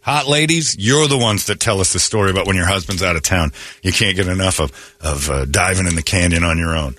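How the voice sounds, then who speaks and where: A man's voice: sits low, a little fast, pushed and bright, no echo. A man hosting a morning radio comedy show, ranting in a mocking, crude way. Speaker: radio host.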